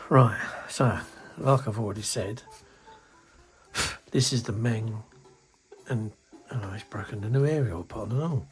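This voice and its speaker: A middle-aged man from the United Kingdom, a scale model hobbyist, chats casually about his kit at an indoor workbench for a hobby video, grumbling in exasperation and swearing quietly. His voice is on the low side and a little slow, with soft background music.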